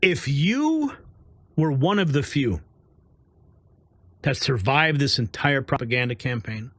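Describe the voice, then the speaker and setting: A man's voice: medium pitch, expressive, takes it slowly, fairly bright tone, no room sound, clean studio sound. A man hosting a political commentary show, heated and sarcastic, drawing out words for emphasis. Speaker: host.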